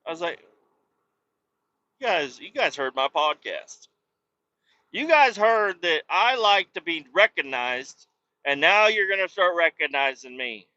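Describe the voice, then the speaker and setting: A man's voice: on the high side, sing-song, a little slow, pauses often, pushed and bright, no room sound, highs cut off. A man hosting his own podcast, ranting casually and profanely while driving, complaining with self-mocking humor. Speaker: podcast host. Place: vehicle on the road.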